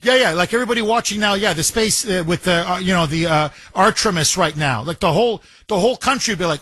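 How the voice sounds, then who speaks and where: Radio talk show guy, high voice, rambles and gets worked up, dry close studio mic. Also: fast, few pauses, no room sound. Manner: excitable, rambling, emphatic. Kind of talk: talk radio, taking calls. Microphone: studio microphone.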